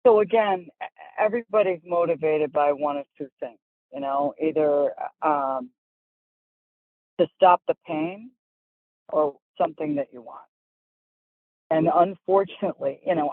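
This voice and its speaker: A woman's voice: deep voice, normal speed, long pauses, no echo. A woman golf instructor, a guest in an interview, telling candid stories and acting out the voices in them. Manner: animated, acts out voices in her stories. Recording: dry, phone-like call audio.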